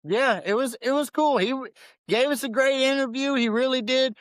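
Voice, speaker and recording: Male podcast co-host, casual and laid-back, clear voice, dry close sound. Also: very high voice, moderate pace, a bit bright, no echo. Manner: laid-back, loose, repeats words. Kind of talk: casual wrestling podcast chat.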